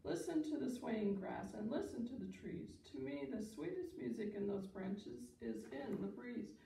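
A woman's voice: on the high side, very animated, normal speed, vocal fry, dark tone. A woman voicing a kind, wise little cricket. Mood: soothing. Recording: echoey room, distant mic, faint hiss.

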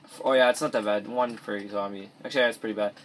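Recorded in his bedroom on a cheap or device mic with a little background noise, a teenage boy talks fast in a fairly low, steady, fairly bright voice. His let's play commentary rambles, with many restarts and mumbled asides.

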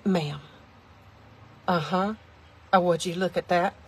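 A woman's voice: on the low side, fairly even intonation, slow pace, slight background noise. A woman reviewing a kitchen gadget from inside her car, rambling and joking at her own expense as she talks to viewers. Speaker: product reviewer. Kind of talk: casual product review vlog.

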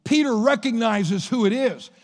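A male pastor with an extremely high-pitched voice preaches at a normal speed, retelling Bible scenes like stories. The recording comes from a church sanctuary with a long reverb.

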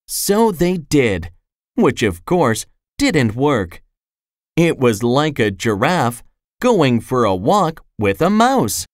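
A storyteller reading a children's storybook aloud in a slow, expressive way. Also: medium pitch, dry recording, studio quality. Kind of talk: scripted storybook narration.

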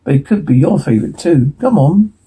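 A man reading a TV episode transcript aloud in a hurried way, stumbling and restarting words now and then. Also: fairly high pitch, lively intonation, warm tone, husky, poor audio. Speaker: reader.

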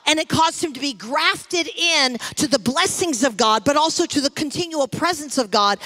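High bright-voiced woman preaching a sermon. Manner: preaching with rising fervor. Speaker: pastor. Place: church sanctuary.

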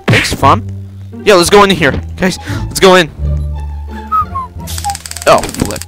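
A young man giving casual gameplay commentary, excitable, yelping and repeating himself. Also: high-pitched, slow pace, over music. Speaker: gameplay video host.

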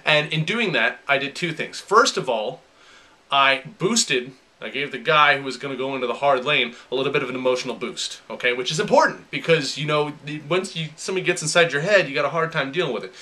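A young man hosting a gaming advice video, telling his stories in an animated, over-the-top way. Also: mid-range voice, brisk. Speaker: gaming and self-improvement video host. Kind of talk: casual storytelling advice.

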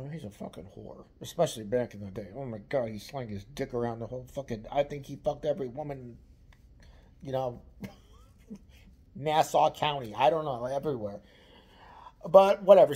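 A man's voice: fairly high pitch, dark tone, husky. A man in his forties casually telling a story to his viewers, rambling, teasing and swearing freely. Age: 40s. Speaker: vlogger.

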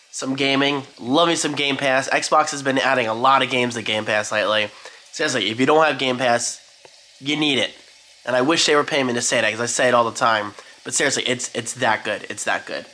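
A man's voice: mid-range voice, bright, forceful tone. A man vlogging in a casual, rambling, self-deprecating way about his day. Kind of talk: casual daily vlog chat.

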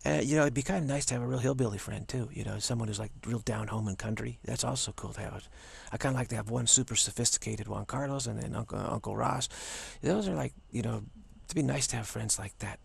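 A man hosting a casual spiritual talk video, rambling playfully with hushed asides. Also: mid-range voice, quick pace, creaky, hardly any pauses, breathy edge.

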